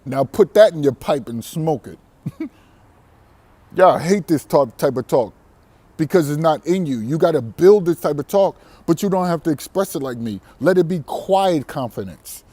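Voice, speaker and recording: A man's voice: a little high, expressive, normal speed, warm tone, no echo. A man vlogging a brash, defiant monologue to camera, boastful and profane, often breaking into laughter. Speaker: vlogger on dating abroad.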